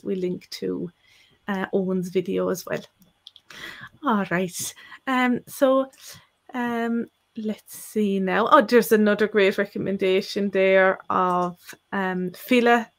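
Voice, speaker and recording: A woman co-hosting a live-stream language Q&A, explaining at length with frequent fillers and restarts. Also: medium pitch. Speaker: co-host and Irish language teacher.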